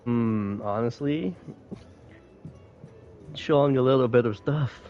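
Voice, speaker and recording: A man co-hosting a podcast in casual chat, relaxed and a little hesitant, often laughing. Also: mid-range voice, slow, muffled recording, soft background music. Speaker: podcast co-host.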